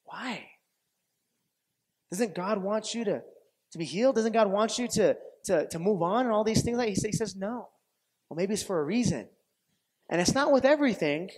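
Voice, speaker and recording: Pastor guy preaching, kinda high voice, acts out the dialogue, laughs a lot, keeps asking does that make sense. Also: husky. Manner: animated storytelling, acts out quoted voices, laughs often; repetitive restarts, asks audience questions. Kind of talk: sermon.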